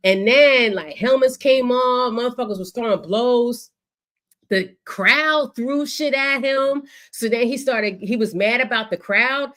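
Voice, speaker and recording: A woman co-hosting a sports podcast in casual chat, animated and profane, acting out what players said. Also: fairly high pitch, measured pace. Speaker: podcast co-host.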